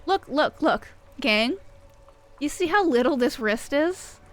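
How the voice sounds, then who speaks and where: A woman's voice: high-pitched, animated, slow pace, soft background music. A woman streaming a game, reading chat and chatting casually in a rambling, profane, self-mocking way. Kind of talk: casual chat while gaming.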